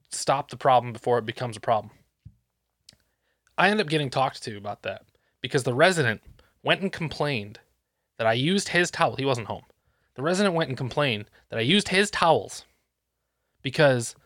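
A man's voice: medium pitch, expressive, normal speed, pauses often, a bit bright, no echo, clean studio sound. A man telling a work story in casual chat, ranting and swearing with exasperation.

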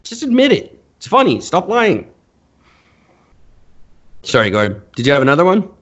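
A man's voice: a little high, wildly swooping pitch, normal speed, dull audio. A man hosting a podcast, ranting bluntly and profanely in casual talk and laughing often. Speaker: podcast host. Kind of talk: casual comedic rant.

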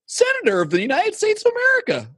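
A man's voice: extremely high pitch, wildly swooping pitch, fast talker, a bit bright, no room sound, clean studio sound, voice pushed up, exaggerated voice. A man doing a drawling, clueless ex-candidate. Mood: laid-back. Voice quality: drawling Southern put-on. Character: mellow, clueless male ex-candidate in drawling Southern put-on. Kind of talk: comedy podcast role-play.

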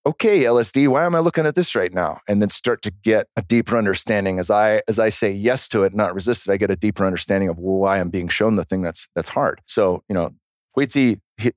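A man guest on a podcast, telling stories in a casual, animated, profane way. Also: lowish voice, no echo, clean studio sound. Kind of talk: casual storytelling chat.

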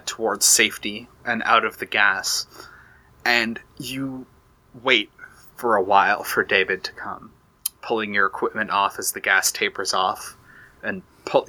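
A man's voice: on the low side, sharp tone. A man running a tabletop role-playing game as game master, narrating scenes with frequent restarts. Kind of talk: narrating a tabletop war campaign.

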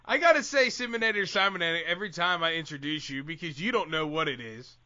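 Brief: high-voiced male podcast host from Central Pennsylvania, teasing and loud, dry lo-fi sound. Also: fast, dry recording. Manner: loud, joking, teasing hype-man delivery. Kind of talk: casual podcast banter. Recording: dry, slightly dull lo-fi recording.

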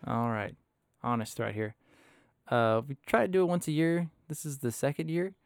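A man's voice: mid-range voice, expressive, moderate pace, vocal fry, no room sound, clean studio sound. A man hosting a casual podcast chat, telling stories with lots of laughter and loose, rambling asides. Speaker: podcast host.

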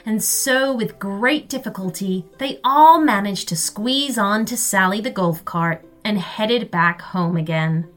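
A woman narrating a children's story in an expressive way. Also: medium pitch, a little slow, few pauses. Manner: expressive and lively.

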